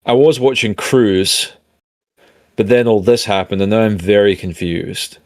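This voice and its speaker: Low-voiced guy player, slow and wry, dry close mic. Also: darkish tone, dry recording.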